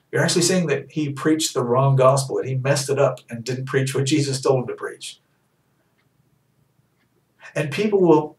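A man preaching a fervent sermon, repeating words as he builds to emphatic peaks and then drops low. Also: echoey room, recorded from a distance, rough recording.

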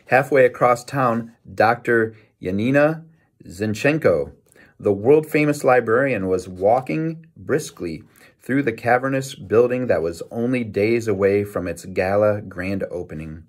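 A man reading a children's novel aloud in a lively storytelling manner, with small self-corrections. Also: lowish voice. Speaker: reader.

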